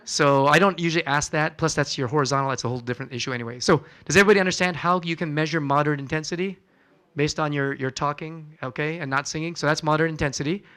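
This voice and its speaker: A man presents a wellness seminar as a physician, talking casually to a church audience. He keeps the room involved with questions and plays out little chats with patients. His voice sits a little on the high side. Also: fairly even intonation, quick pace, sharp tone, clear, resonant tone. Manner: conversational, quizzes the audience, acts out patient chats. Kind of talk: health lecture to a live audience. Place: church hall.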